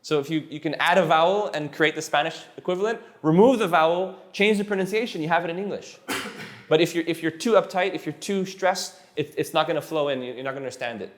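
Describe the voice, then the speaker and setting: A man teaching a live class of students, relaxed and encouraging, who often repeats himself and restarts his sentences. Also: a little high, quick pace. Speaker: Spanish teacher.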